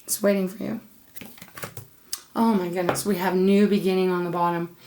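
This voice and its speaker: A woman's voice: mid-range voice, fairly even intonation, moderate pace, pauses often, darkish tone. Emotional woman giving a tarot reading. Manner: emotional and affectionate, calls viewer "my love"; gushing, repeats words, frequent fillers. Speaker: tarot reader. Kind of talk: direct-to-viewer tarot reading.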